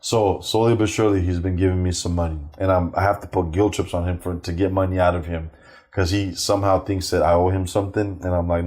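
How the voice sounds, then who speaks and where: A middle-aged male comedian telling profane, animated family stories, acting out the voices of the people in them. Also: deep voice, quick pace. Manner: animated, acts out quoted voices, swears freely. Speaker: stand-up comedian, guest. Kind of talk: profane anecdotal storytelling.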